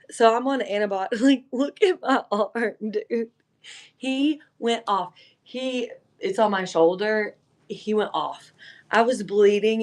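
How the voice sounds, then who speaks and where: A woman hosting a live online sale, chatting casually and telling stories full of fillers like "like" and "um.". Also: mid-range voice. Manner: chatty, animated storytelling with filler words. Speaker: live-selling host. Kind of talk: casual livestream chat.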